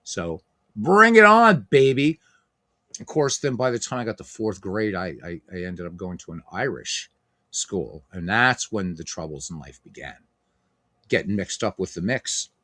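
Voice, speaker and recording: Low-pitched man, casual play-by-play host, chatty, dry close sound. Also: expressive, moderate pace, fairly bright tone, dry recording. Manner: chatty, many fillers, reads and answers viewer comments. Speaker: host playing a tabletop baseball game on stream. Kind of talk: casual play-by-play and chat with viewers.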